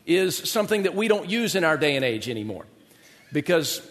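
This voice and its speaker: A man's voice: on the high side, big pitch swings, brisk, a bit bright, in a large hall. A male pastor preaching a sermon in a conversational way, often asking rhetorical questions.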